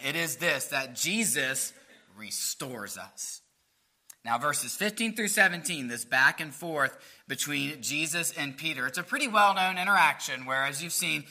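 A man's voice: on the high side, sharp tone. A man preaching a sermon, asking rhetorical questions in an earnest, explaining way. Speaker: pastor.

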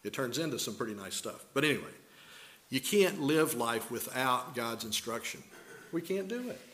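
A man's voice: medium pitch, lively intonation, normal speed, fairly bright tone. Older man preaching a folksy sermon. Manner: folksy storytelling with rhetorical questions. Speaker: pastor.

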